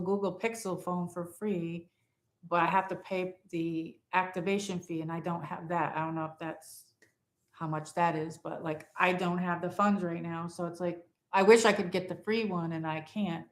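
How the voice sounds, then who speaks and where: Sitting in front of a Christmas tree at home, a woman livestreams from her phone, rambling casually and reading out viewer comments. Her voice is fairly low and a bit bright, and the sound is reverberant.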